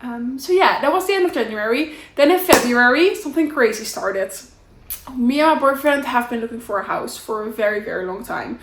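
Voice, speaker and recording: A young woman with a Dutch accent chats candidly to her camera, rambling along in a friendly catch-up. Her voice sits a little high. The room around her rings with a noticeable echo. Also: animated, brisk, background noise. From Netherlands. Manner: chatty, rambling, warm and candid. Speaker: vlogger. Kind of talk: casual catch-up chat to camera.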